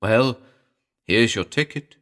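A man's voice: medium pitch, slow pace, fairly bright tone, voice pushed up. A man voicing an uneasy, bewildered male passerby reading a strange note aloud. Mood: puzzled. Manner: hesitant, bewildered.

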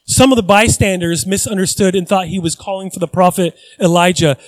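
High-voiced man preaching conversationally. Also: a little fast, rough recording. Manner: animated, conversational preaching with acted-out quotes. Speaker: pastor. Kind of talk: sermon.

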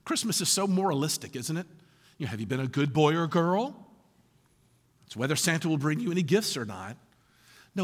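A man preaching a sermon to a congregation, animated and full of rhetorical questions, often laughing through his lines. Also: a little high, slightly rough, long reverb tail. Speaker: pastor.

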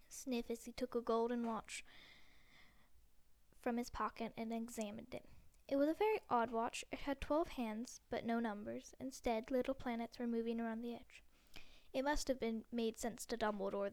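Brief: woman reading a novel aloud, slightly high voice, steady and gentle, close dry mic. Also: dry recording. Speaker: narrator.

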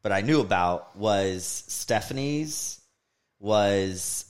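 A man's voice: on the low side, animated, takes it slowly. A man, the host's brother, reminiscing in a casual podcast chat and laughing easily.

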